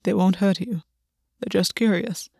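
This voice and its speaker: A woman voicing a quiet, stubborn male fae soldier who speaks low, calm and guarded. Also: unhurried, creaky, husky, no room sound, studio quality. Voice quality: soft, hushed. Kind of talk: audiobook character reading.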